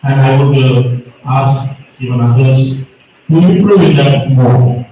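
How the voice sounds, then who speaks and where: A man's voice: medium pitch, mellow, a little hiss or hum. A man, judging a speech competition and correcting students' pronunciation. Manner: slow, explains pronunciation rules. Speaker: competition judge. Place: school hall. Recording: echoey hall, from far off.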